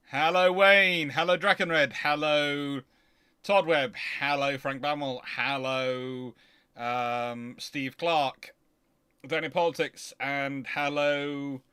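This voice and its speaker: A man hosting a history livestream, chatting casually in an excitable, rambling way with frequent restarts. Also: mid-range voice, smooth, no room sound.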